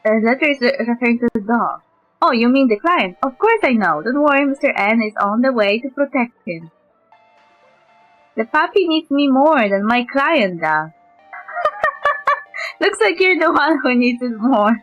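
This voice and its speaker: A woman's voice: on the high side, sing-song, normal speed. A woman streamer, a native Polish speaker, reading game dialogue aloud and switching between character voices. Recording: dull lo-fi mic with music behind.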